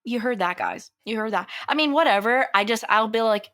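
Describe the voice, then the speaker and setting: A woman co-hosting a film review podcast, talking in a chatty, playful way. Her voice sits at a middle pitch. The sound is dry and close, with no room echo. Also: quick pace, few pauses, a bit bright. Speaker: podcast co-host. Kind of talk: casual chat.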